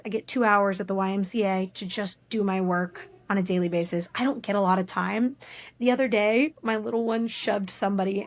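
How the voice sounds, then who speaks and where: A woman's voice: mid-range voice, no echo. A woman in her thirties, a podcast guest, talking openly and telling stories with animation. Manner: open, animated storytelling. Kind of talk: casual interview chat.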